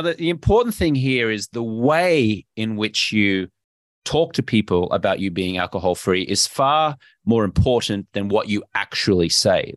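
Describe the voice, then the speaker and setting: A man with an Australian accent, speaking as a guest in an energetic, emphatic and playful interview. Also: mid-range voice, dry recording, clean studio sound. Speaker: podcast guest, health coach.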